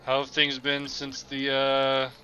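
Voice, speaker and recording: A man playing a tabletop game, talking in a dry, deadpan way. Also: mid-range voice, slow, lo-fi sound. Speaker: player. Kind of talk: casual game chat.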